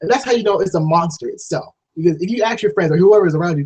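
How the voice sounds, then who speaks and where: A man giving a casual, rambling spoken film review, swearing freely and restarting sentences, often jumping into a high, excited voice to act out scenes. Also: rapid-fire, breathy edge, low-quality recording. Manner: jumps to high excited voice when acting out scenes.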